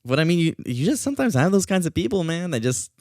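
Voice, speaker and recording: A man hosting a podcast, telling a story in a casual, animated way and swearing often. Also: on the high side, fast talker, dry recording, studio quality. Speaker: podcast host.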